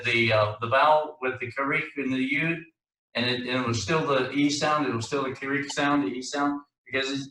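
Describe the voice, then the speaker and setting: A man teaching a Hebrew class, talking in a halting way with many restarts and fillers and an occasional joke. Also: medium pitch, pushed and bright. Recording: echoey room, distant mic.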